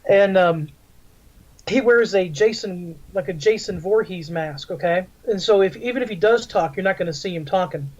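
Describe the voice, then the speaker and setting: A man's voice: sits high, normal speed, a little mellow. Crude rambly guy on talk radio, muffled lo-fi sound. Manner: crude, rambling and swears freely. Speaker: radio show host and wrestler. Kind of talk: casual talk-radio storytelling. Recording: dull lo-fi audio.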